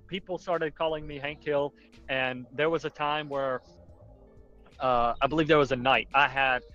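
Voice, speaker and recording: A man's voice: fairly high pitch, fairly bright tone. Rambling Southern-accented man, lo-fi chat audio. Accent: mild Southern US. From Carolinas, US South. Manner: rambling, exasperated storytelling with frequent laughs. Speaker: podcast guest. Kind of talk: casual chat.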